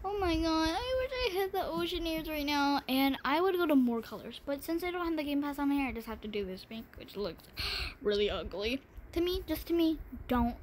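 A woman's voice: sits high, slight background noise. A woman chatting through a game tutorial, gushing over items and complaining dramatically. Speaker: gaming channel host. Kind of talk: casual game tutorial chat.

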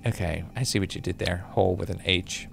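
A young man commentating his own gameplay, excitable and chatty with his viewers. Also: low voice, fairly quick, creaky, soft background music. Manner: excitable, talks to viewers while playing. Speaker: gaming YouTuber. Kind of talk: let's play commentary.

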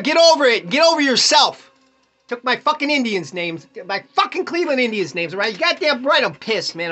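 Cracking open baseball cards on his podcast, the host keeps up a blunt, profane, casual rant punctuated by frequent chuckles. His voice sits high with a sharp edge.

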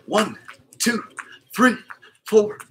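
A man's voice: high-pitched, lively intonation, extremely slow, noisy background. A man leading a live online exercise class for kids as their PE coach, counting out reps and cheering the children on by name. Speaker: PE coach hosting a kids' class.

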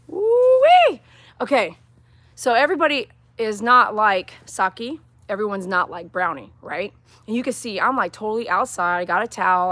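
A woman's voice: medium pitch, sharp tone. A woman dog groomer talking outdoors on a live-streamed grooming demonstration, chatty, coaxing and reassuring.

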